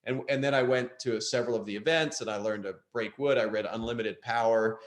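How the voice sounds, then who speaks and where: A man's voice: mid-range voice, fairly even intonation, a little fast. A man in his fifties giving a candid, self-deprecating motivational talk to an audience, often restarting his sentences. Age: 50s. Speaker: guest speaker. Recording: echoey room.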